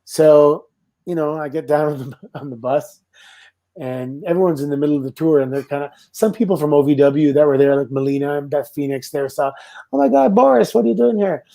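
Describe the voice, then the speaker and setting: A middle-aged man from Canada, a former wrestler, telling stories in a relaxed, casual interview. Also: on the high side, fairly quick. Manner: relaxed anecdotal storytelling with laughs and quoted voices. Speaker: guest, former pro wrestler.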